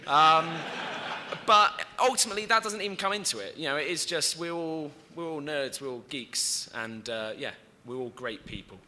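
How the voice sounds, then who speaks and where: Very bright-voiced English man chatting. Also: a little high, moderate pace, a little hiss or hum. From England. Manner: chatty, self-mocking, rambling. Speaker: podcast co-host on a panel. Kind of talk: live panel chat.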